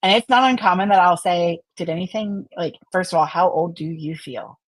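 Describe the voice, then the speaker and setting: Woman, therapist, low pitch, dry close recording, chatty, soft-spoken re-enactments. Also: a little fast, dry recording, poor audio. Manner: chatty, acts out client dialogue in a soft quiet voice. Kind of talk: casual podcast chat.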